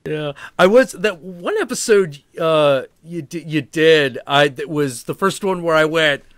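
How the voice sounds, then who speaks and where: A male show host asking questions in casual interview chat, slow and hesitant. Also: fairly high pitch, a bit bright, no echo, clean studio sound.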